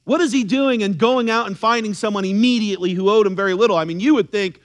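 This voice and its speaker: High-voiced man preaching earnestly. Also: fast. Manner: earnest, conversational preaching with dramatic drops in voice. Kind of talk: sermon.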